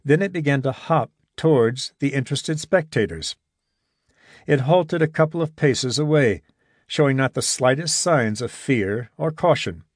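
A man narrating a story in a measured, even reading voice. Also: mid-range voice, breathy edge, no room sound, studio quality. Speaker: audiobook narrator. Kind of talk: scripted narration.

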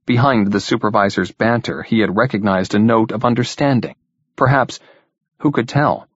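A man narrating an audiobook in a steady, even reading manner, in a dull lo-fi recording. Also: lowish voice, no room sound.

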